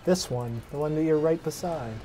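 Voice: mid-range voice, normal speed, mellow, soft background music. A co-host playing against a friend in a casual let's-play, teasing and giggly. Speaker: gaming co-host.

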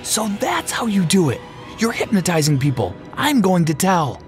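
A breathless, excitable teenage girl from an animated storybook, as a man puts her on. Her voice sits far above a grown man's and swoops about with lively energy. Music plays underneath. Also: fairly high pitch, slow, pitched above the performer's own voice. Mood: shrieking.

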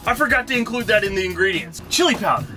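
High-voiced guy cooking in his van, rambly self-mocking jokes, music playing under him. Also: lively intonation, fast, pushed and bright. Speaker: vlog host. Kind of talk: casual cooking vlog. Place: inside a van in a parking lot.

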